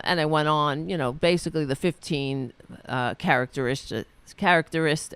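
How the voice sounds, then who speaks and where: A woman's voice: on the low side, fairly bright tone, smooth, dry recording. A woman hosting a political talk show, retelling an argument in a casual, exasperated way, swearing freely and restarting her sentences often. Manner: profane, exasperated, many restarts and fillers. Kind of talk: casual spoken commentary, retelling a debate.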